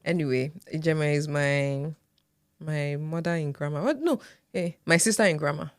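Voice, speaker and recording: A young woman with a Nigerian accent co-hosts a podcast in a relaxed way, her voice low and recorded dry and close. She often murmurs agreement while the other speaker talks. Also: normal speed, dry recording. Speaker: podcast co-host. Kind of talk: casual chat.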